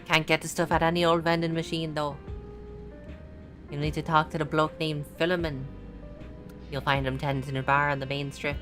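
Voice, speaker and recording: A woman reading game lines aloud as a sleepless, gruff working man, putting on a British regional accent in a blunt, colloquial manner. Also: sits low, little pitch movement, normal speed, pauses often, a bit bright, faint music behind. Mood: gruff, weary. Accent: put-on British regional.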